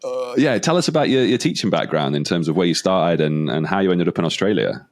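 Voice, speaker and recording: Male podcast host, very low voice, easygoing banter on a video call. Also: lively intonation, fast talker. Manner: friendly, joking banter. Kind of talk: casual interview chat.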